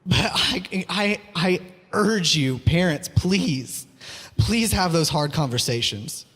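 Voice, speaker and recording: Guy giving an earnest sermon, kinda high voice, pleads and repeats himself, big echoey hall. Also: animated, takes it slowly, fairly bright tone, husky. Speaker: preacher, school teacher. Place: church hall. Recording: long hall reverb.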